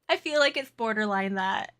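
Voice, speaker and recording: A woman's voice: medium pitch, moderate pace, a bit bright. A woman streaming a game, chatting casually with viewers, laughing often and flustered. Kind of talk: casual live-stream chat.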